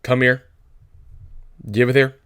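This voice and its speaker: A man voicing a small, irritable male ranch hand who scolds in a gruff, exasperated way. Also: mid-range voice, monotone, takes it slowly, fairly bright tone, no echo, pitched above the performer's own voice. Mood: scolding.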